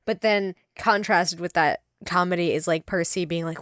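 A woman co-hosting a podcast, chatting casually about a book in a lowish voice. She is talkative and slips into quick impressions of characters. The sound is dry and close. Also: fairly even intonation, a bit bright, dry recording. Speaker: podcast co-host. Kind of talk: casual book-discussion chat.

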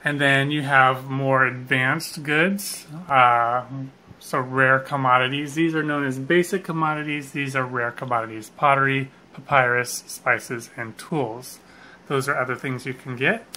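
Bright-voiced man explaining board game rules. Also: medium pitch, unhurried. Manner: relaxed, with fillers and self-corrections.

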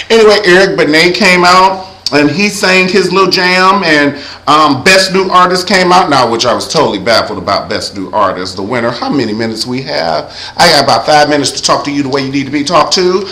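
A man's voice: sits high, moderate pace, sharp tone, roomy sound, low-quality recording. A young man giving a sassy, campy recap of an awards show, breaking into sung impressions. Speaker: vlogger reviewing an awards show.

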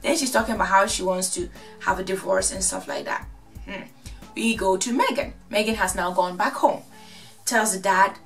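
A woman from Ghana casually recapping a reality show, sassy and animated, acting out the quotes. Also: mid-range voice, moderate pace, distant mic, soft background music.

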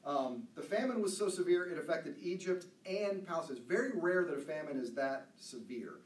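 A man's voice: on the high side, lively intonation, normal speed, distant mic. A man teaching a Bible study, chatty and loose with many asides, reading passages aloud. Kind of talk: casual teaching talk, reading scripture aloud. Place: church room. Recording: roomy echo, voice off-mic, faint ambience.

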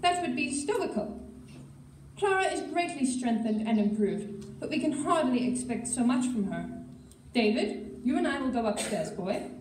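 A grave, cold stepfather speaks with chilly formality, voiced by a woman reading aloud. The voice sits fairly high and mellow. It carries from a distance through an echoey school hall. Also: big pitch swings, slight background noise. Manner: grave, measured, coldly formal. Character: stern cold stepfather, middle-aged man. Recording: echoey hall, mic far off.

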